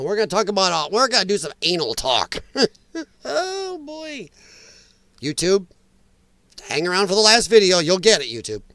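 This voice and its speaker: Animated, high-voiced man ranting. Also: no echo. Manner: opinionated, ranting, reacts to viewer chat. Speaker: host. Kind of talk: political commentary livestream.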